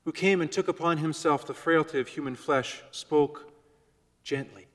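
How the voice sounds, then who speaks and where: A man preaching a sermon to his congregation, measured and shifting between soft, gentle phrases and loud emphasis. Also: on the high side, long reverb tail. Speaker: pastor. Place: church before a congregation.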